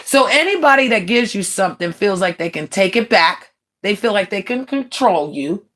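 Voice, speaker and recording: A woman's voice: medium pitch, expressive, moderate pace, fairly bright tone. A woman in her late forties ranting bluntly on a livestream, scornful and mocking, with laughing asides. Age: 40s. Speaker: livestream host. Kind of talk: livestream rant.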